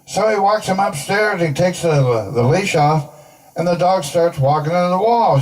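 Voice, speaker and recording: A man doing stand-up, firing off quick one-liners and slipping into voices for the people in his jokes. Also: on the high side, lively intonation, far from the mic, a loud crowd, poor audio. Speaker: stand-up comedian. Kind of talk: stand-up joke telling. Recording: live show from off-mic with audience.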